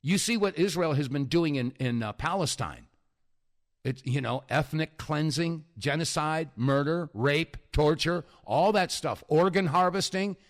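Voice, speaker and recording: A man's voice: a little high, a little slow. A man hosting a talk radio show, rambling in a chuckling, filler-heavy monologue.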